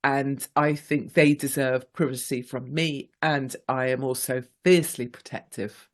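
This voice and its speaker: A woman's voice: a bass voice, fairly even intonation, unhurried. A woman, hosting a radio talk show in a chatty, playful way and reading listener messages aloud. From England. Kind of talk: casual talk radio monologue.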